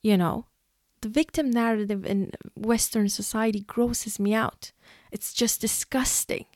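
A woman's voice: mid-range voice, dry recording, clean studio sound. A young woman from Iran giving an emotional, exasperated opinion monologue as a vlogger, sighing and laughing between points.

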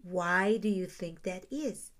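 A woman's voice: fairly low pitch, takes it slowly. A woman giving a reflective teaching talk on Jewish ideas, explaining terms and asking her listeners rhetorical questions.

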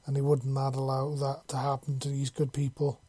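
An audiobook narrator reading a story aloud in a steady, even storytelling manner. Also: mid-range voice, moderate pace, husky, no echo. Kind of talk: reading fan fiction aloud.

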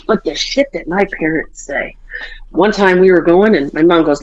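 A woman's voice: on the low side, moderate pace, dull audio. A woman podcast host telling family stories in casual chat, swearing freely and acting out her parents' quarrels.

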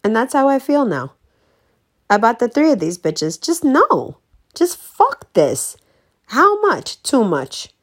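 A woman's voice: a little high, very animated. Blunt, profane woman ranting. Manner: blunt, profane, emphatic, swings between slow stresses and fast bursts. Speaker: vlogger. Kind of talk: casual ranting monologue.

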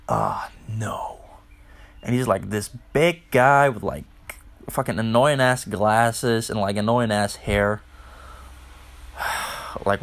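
A man's voice: mid-range voice, fairly bright tone. A man casually telling a story, rambling and swearing, with many filler words. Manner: rambling, profane, lots of "like" fillers. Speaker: podcast host.

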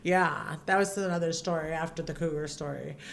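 A woman guest telling stories in casual chat, animated and laughing, acting out her own panicked quotes with loud high yelps. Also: fairly quick, vocal fry, a crowd in the background. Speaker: podcast guest, former feature dancer.

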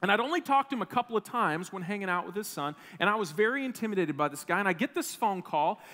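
Pastor guy telling a story in his sermon, pretty high voice, lots of restarts, big church reverb. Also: quick pace. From Wisconsin. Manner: animated storytelling, self-deprecating, frequent restarts. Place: church sanctuary. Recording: long reverb of a church hall.

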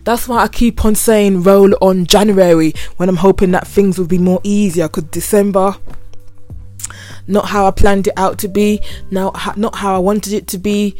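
A woman's voice: mid-range voice, moderate pace, soft background music. A young woman with a London accent, hosting her podcast as a casual solo rant full of slang. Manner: chatty, slangy, animated. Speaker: podcast host.

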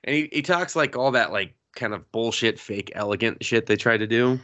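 A man's voice: normal speed, fairly bright tone. Man retelling an anime with silly voices. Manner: crude, joking, acts out characters in high silly voices. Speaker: podcast co-host. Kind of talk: casual anime review chat.

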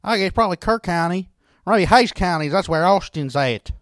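A man's voice: sits high, expressive, moderate pace, fairly bright tone, no echo, studio quality. A man playing his character at a tabletop game, trading folksy, drawling backtalk in playful in-character banter.

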